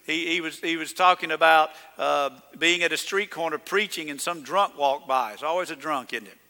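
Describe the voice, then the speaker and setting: A man's voice: a little high, normal speed. Pastor guy preaching, folksy, big reverb from the church hall. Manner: folksy storytelling preaching, swings from loud to hushed. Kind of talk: sermon.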